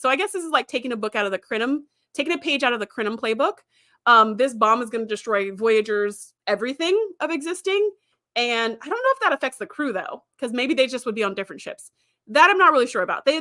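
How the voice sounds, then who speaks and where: Bright, chatty woman livestream host. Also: fairly high pitch, no echo, studio quality. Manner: chatty, rambling, frequent ums and likes, laughs easily. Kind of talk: casual livestream chat reading viewer comments.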